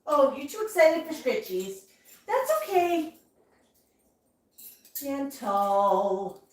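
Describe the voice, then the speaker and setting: A woman cooing at her pet birds in a high, lively voice that swoops up and down. She talks slowly and dotes on them. The room is echoey, with clear noise behind her. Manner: doting, baby-talk to birds. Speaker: pet parrot owner. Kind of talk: casual talk to pet birds.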